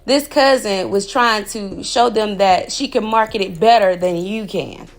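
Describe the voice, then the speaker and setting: A woman in her morning voice giving a casual, animated spiritual reading, talking straight to the listener and calling them baby. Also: medium pitch, a little slow. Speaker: spiritual reader podcaster.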